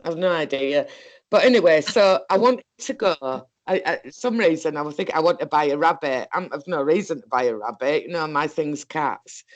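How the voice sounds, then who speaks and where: A woman's voice: sits low, expressive, moderate pace, lo-fi sound. A woman with a Northern English accent telling a story in casual chat, rambling along and laughing often. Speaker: co-host.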